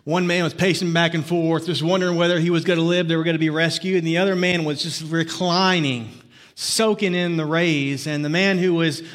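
A pastor with a fairly high, fairly even voice preaches at a moderate pace. He opens his sermon with jokes and stories, then turns earnest.

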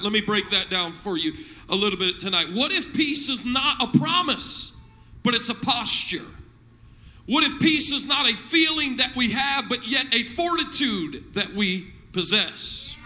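Male pastor, very high bright voice, call-and-response sermon in church, soft music under. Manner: call-and-response preaching, rising to shouts.

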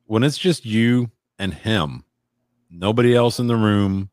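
Deep-voiced man rambling crude stories. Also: unhurried, a little mellow, no room sound, studio quality. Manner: rambling, crude joking storyteller. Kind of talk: casual chat.

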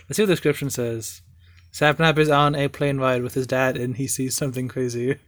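A man's voice: medium pitch, level tone, fairly quick, fairly bright tone, no echo. Young male host, eager, stumbling chatter, dry sound. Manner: enthusiastic, stumbling restarts, laughs often. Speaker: podcast host. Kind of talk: casual chat reacting to videos.

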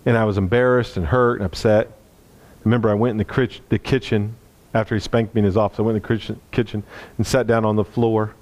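A man preaching a sermon, telling a personal story in an earnest way and dropping low and soft at tender moments. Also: level tone, fast.

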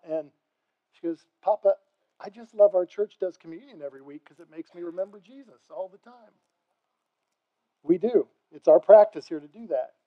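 An older man preaching as pastor, impassioned, swinging between quiet talk and loud emphatic calls. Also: sits high, phone-quality sound. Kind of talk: sermon.

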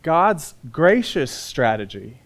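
High-voiced earnest man preaching. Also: very animated. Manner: earnest, emphatic, slowing down on key words. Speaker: pastor. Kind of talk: sermon.

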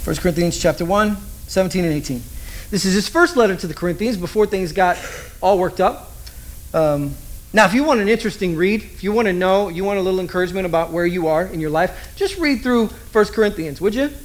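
A man's voice: sits high, brisk. A man preaching a sermon as a pastor, conversational and joking, throwing rhetorical questions at the congregation.

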